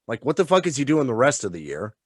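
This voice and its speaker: A man co-hosting a casual chat who talks in an excited, rambling, profane way and sounds tipsy. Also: medium pitch, fast, breathy edge, dry recording, studio quality. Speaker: podcast co-host.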